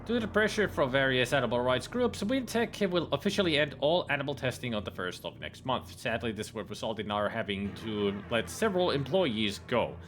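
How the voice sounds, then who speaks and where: A man's voice: mid-range voice, very animated, brisk, hardly any pauses, a bit bright, faint music behind. A man playing through a game on video, reading in-game messages and long jokes aloud in a casual, mocking way with fillers and slips. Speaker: let's player. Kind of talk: gaming commentary, reading texts and jokes aloud.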